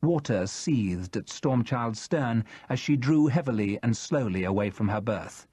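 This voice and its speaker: Husky, expressive male audiobook narrator. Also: mid-range voice, a little slow, no room sound. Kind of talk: first-person audiobook narration.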